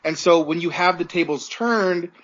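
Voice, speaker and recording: A man's voice: on the high side, normal speed, a bit bright, highs cut off. A podcast producer, a man, chatting casually and talking earnestly and emotionally.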